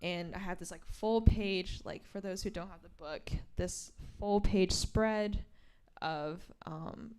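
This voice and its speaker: A woman author reading from her graphic memoir and explaining its pages, a lively storyteller who acts out the quoted lines. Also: on the low side, creaky. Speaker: author at a bookstore event.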